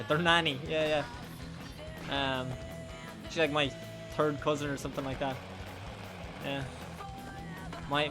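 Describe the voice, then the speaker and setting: A man with a County Monaghan Irish accent, chatting casually and rambling while he streams a game, swearing and laughing often. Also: fairly high pitch. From Ireland. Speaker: gaming streamer.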